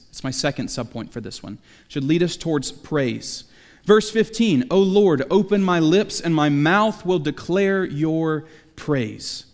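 A man's voice: high-pitched, long reverb tail. A man preaching a sermon in a conversational way, with jokey asides. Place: church sanctuary.

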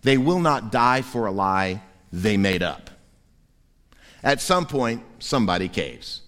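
A man preaching a sermon as pastor in a church, lively and humorous, acting out quoted voices. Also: on the low side, takes it slowly, big-room sound. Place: church sanctuary.

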